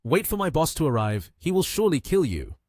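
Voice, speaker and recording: A man's voice: fairly high pitch, very animated, brisk, darkish tone, dry recording, clean studio sound, pitched above the performer's own voice. A man reading the lines of a frightened, blustering male thug in a story recap. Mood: scared. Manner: stammering, blustering.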